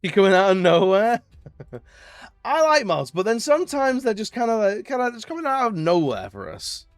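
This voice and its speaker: A man's voice: high voice, big pitch swings, moderate pace, no room sound. Playful man on a dry mic. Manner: playful, laughing often, swearing, rambling. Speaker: streamer. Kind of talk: casual live-stream chat.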